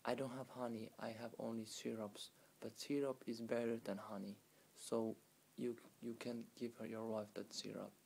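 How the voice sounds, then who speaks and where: A man voicing a kind baker in a told folk tale, speaking gently and quietly in his own register. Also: medium pitch, little pitch movement, normal speed, creaky, few pauses, breathy edge, poor audio. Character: kind, soft-spoken male baker.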